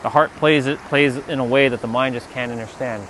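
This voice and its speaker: A man in a casual spiritual monologue, animated and swearing, talking back to God in mock dialogue. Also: medium pitch, a little fast, a little hiss or hum. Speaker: spiritual vlogger.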